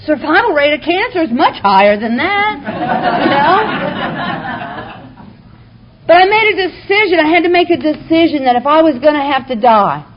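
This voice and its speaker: A woman giving a candid, heartfelt personal testimony to a recovery meeting audience, with touches of wry humor. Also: a little high. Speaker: speaker sharing her recovery story. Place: meeting room before a live audience. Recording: muffled lo-fi recording, faint hiss.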